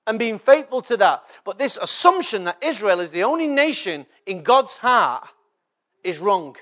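High-pitched preaching man. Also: very animated, moderate pace, pushed and bright. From England. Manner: preaches with frequent rhetorical check-ins to the congregation. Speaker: pastor. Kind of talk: sermon.

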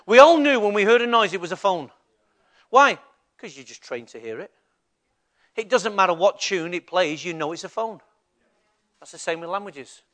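An older man with a Mancunian accent, a pastor preaching a lively sermon and putting questions to the congregation in church. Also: sits high, moderate pace, long pauses.

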